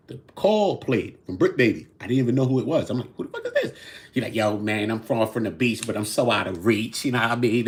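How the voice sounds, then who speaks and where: A man from New York with a New York accent hosting a casual commentary show, swinging between loud outbursts and low mutters. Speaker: host.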